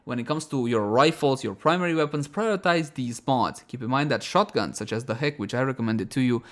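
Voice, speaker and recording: A man's voice: mid-range voice, brisk. A man narrating a gameplay guide over footage, chatty and self-mocking, talking to his viewers as friends. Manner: chatty and self-mocking, often breaking into laughter; addresses viewers as "my friends", animated. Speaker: game guide creator.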